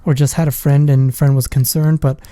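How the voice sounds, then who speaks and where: A man's voice: mid-range voice, little pitch movement, fairly quick, dark tone, no room sound. A man, a father, casually telling a personal story in a rambling, profane way. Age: adult with a school-age daughter. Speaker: vlogger.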